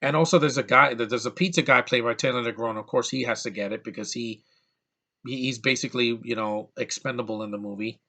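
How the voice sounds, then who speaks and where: A man's voice: medium pitch, a little fast, bright, forceful tone. A man giving a ranting film review, exasperated and profane, often stumbling and restarting his sentences. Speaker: movie reviewer.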